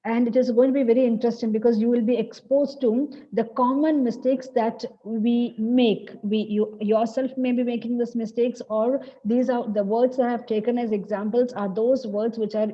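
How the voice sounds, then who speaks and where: A woman's voice: a little high, steady tone, normal speed, hardly any pauses, muffled recording. A woman with a Kerala English accent, a native Malayalam speaker, teaching an online English class, explaining and rephrasing each point. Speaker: college English lecturer.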